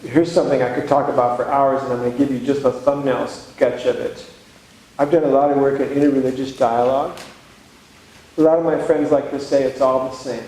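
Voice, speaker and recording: In a very echoey room with faint background noise, a monk delivers a reflective, conversational spiritual retreat talk with funny asides. His voice is medium-pitched and mellow, fairly even in intonation, and fairly quick.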